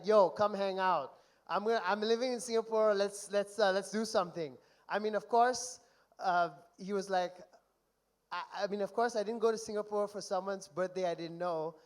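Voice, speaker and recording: A young man giving a best man speech at a wedding reception, telling stories and reading texts aloud in an animated way. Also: high voice. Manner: animated storytelling, mock-reads texts aloud.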